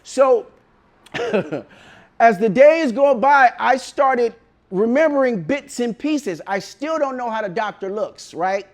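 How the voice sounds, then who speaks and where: A man with a very high voice tells a personal story casually. He talks in slang, swears freely and jumps into loud shouts when the story peaks. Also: takes it slowly. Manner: animated, swearing, bursts into shouts.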